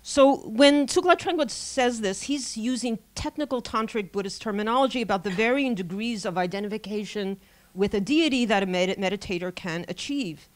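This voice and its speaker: A woman delivers an academic talk from a podium, at a middle pitch that sits neither high nor low. Her pacing is measured and scholarly, broken by small fillers and self-corrections as she works through dense material. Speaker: academic lecturer. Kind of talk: conference lecture.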